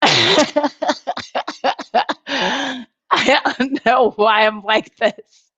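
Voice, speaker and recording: A woman's voice: fairly high pitch, big pitch swings, drawn-out words, fairly bright tone, breathy edge, dry recording, lo-fi sound. Giggly woman rambling on a livestream. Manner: giggly, rambling, lots of fillers. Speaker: YouTuber chatting with live chat. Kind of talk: casual live-stream chat.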